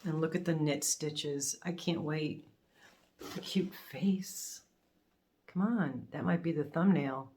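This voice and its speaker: A middle-aged woman hosting a casual unboxing vlog, gushing and emotional, quick to laugh as she opens gifts. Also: sits low, warm tone, slight background noise. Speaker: crafting channel host.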